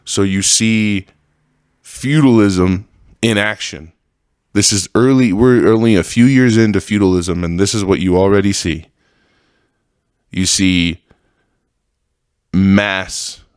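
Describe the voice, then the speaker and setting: A man's voice: lowish voice, clear, resonant tone, no echo, clean studio sound. Man ranting hard on a podcast. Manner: heated, profane, repetitive ranting. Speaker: podcast host.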